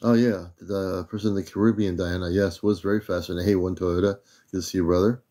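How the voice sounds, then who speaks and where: An older American man hosting a casual livestream, relaxed and easygoing, greeting viewers one by one by name. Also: deep voice, quick pace. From United States. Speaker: livestream host.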